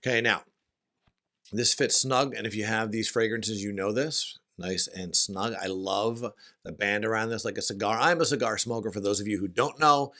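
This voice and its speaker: A middle-aged man with a hoarse voice, chatting casually in a fragrance review from his home studio, often restarting and repeating himself. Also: fairly low pitch, normal speed, pushed and bright. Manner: chatty, with frequent restarts and repetitions.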